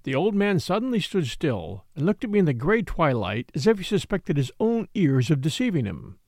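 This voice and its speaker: A man narrating a classic novel in the first person, measured and earnest. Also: a little high, very animated, darkish tone, no room sound, studio quality. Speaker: audiobook narrator.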